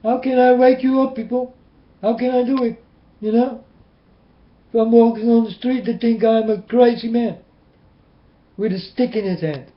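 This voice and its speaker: Urgent high-voiced man preaching to webcam. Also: steady tone, moderate pace, long pauses. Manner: urgent, repeating, pleading with listeners. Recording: roomy, dull webcam audio.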